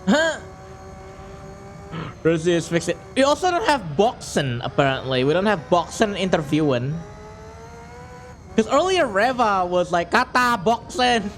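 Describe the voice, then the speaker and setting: A man's voice: sits high, very animated, moderate pace, pauses often, a little hiss or hum. A man casually chatting to his chat while playing a racing game on a stream, jokey and a bit profane.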